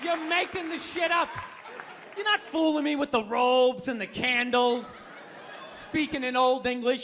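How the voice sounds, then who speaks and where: A man in his fifties with a Boston accent doing stand-up, ranting in an animated, incredulous way. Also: extremely high pitch, unhurried, a crowd in the background. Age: 50s. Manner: animated, incredulous rants with acted-out voices. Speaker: stand-up comedian. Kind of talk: stand-up comedy set. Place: comedy club stage before a live audience. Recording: live club recording with audience noise. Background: audience laughter.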